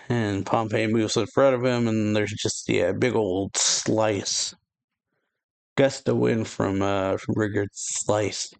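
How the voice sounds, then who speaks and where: A man's voice: fairly low pitch, a little slow, vocal fry. Casual man reading a comic aloud. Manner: casual, with fillers like 'yeah'. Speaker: reaction channel host.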